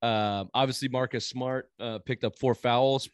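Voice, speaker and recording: Profane, rambling New England sports talker. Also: male voice, mid-range voice, fairly even intonation, a little slow, clear, resonant tone, dry recording. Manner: rambling, profane, frequent fillers. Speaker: sports podcast co-host. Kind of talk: casual sports chat.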